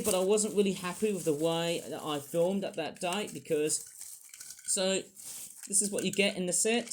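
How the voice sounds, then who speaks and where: A man's voice: high-pitched, darkish tone, a little hiss or hum. A young man chatting casually through a toy review, rambling and self-deprecating with plenty of fillers and restarts.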